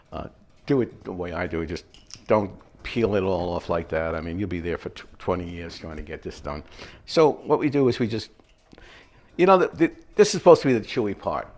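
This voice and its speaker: A man hosting a home cooking show, chatting in a rambling, relaxed way as he tells stories while he cooks. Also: fairly low pitch. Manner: relaxed, mellow. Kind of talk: casual cooking demonstration with anecdotes.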